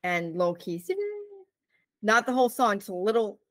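A woman co-host chats through a story in a loose, animated way, leaning on "like" and "you know" and acting out each quote. Her voice sits at a middle pitch for a woman. The sound is dry and close, with no room around it. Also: moderate pace, no echo. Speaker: podcast co-host. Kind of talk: casual storytelling chat.

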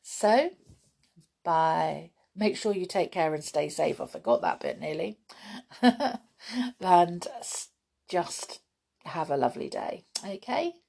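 Husky woman reading a children's book. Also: low voice, sing-song, measured pace. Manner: gentle, chatty sign-off to young listeners. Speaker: storybook podcast reader.

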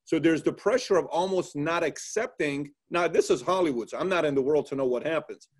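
A man hosting an interview, telling stories in a lively, animated way and acting out what people said. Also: fairly high pitch, fairly quick, breathy edge. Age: adult, former soldier. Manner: animated storyteller, acts out quotes. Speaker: interview host. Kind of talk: casual interview conversation.

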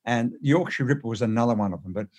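Male guest storyteller, rapid and emphatic, mid pitch, keeps repeating and restarting words. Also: darkish tone. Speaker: interview guest. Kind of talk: animated anecdotal storytelling.

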